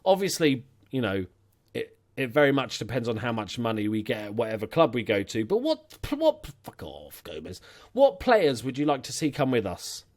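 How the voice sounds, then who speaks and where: A young man hosting a football management let's play, chatting casually and swearing freely, with excitable bursts over the game. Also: medium pitch, a little fast. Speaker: gaming channel host.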